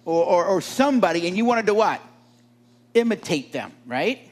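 A preacher delivers a sermon in an animated way, often tossing questions out to the congregation. His voice is high for a man and very lively, climbing and falling as he builds his points. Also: normal speed.

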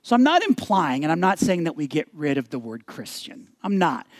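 High-voiced animated pastor preaching. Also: male voice, dry recording. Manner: animated, candid storyteller, shifting to a slower, prayerful tone. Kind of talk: sermon with personal storytelling and closing prayer.

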